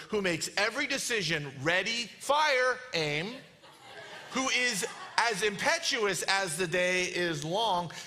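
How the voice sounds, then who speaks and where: Man, pastor preaching, animated and playful, bright high voice, lots of swing in pitch. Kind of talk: sermon.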